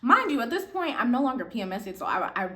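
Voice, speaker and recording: A young woman telling a story from her life in casual chat, animated and playful, jumping up in pitch for emphasis. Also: fast.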